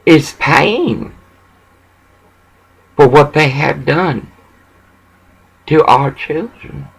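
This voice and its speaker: Brief: man, raised pitch, gravelly, agitated rambling rant. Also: lively intonation, drawn-out words, low-quality recording. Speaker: vlogger ranting about local grievances. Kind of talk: rambling angry monologue.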